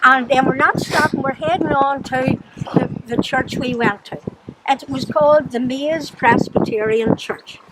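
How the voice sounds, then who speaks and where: An older woman with a Northern Irish accent telling childhood stories to children, chatty and quick to laugh. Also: high voice, fairly even intonation. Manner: chatty storyteller, laughs often. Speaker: storyteller to children. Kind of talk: recounting childhood memories. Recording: noisy background.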